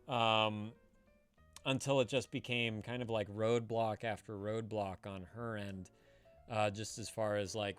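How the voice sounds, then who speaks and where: A man hosting a live stream, chatting casually in a rambling way with halting restarts and frequent laughs. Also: lowish voice, a bit bright, clean tone. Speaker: streamer host.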